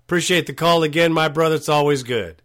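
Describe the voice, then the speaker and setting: Higher-voiced man hosting a call-in show. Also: fast, a bit bright. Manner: blunt, frank, casual. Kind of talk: call-in sports talk.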